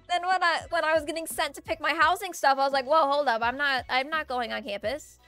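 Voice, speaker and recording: A woman's voice: high voice, moderate pace, sharp tone. A young adult woman streaming from home, chatting casually in a ranting, talkative way and laughing often. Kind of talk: casual chat. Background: faint music playlist.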